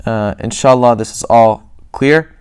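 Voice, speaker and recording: A man's voice: mid-range voice, unhurried, darkish tone, smooth. A man teaching a lesson, explaining step by step, repeating words and demonstrating each sound himself. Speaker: tajweed teacher. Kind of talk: classroom lesson.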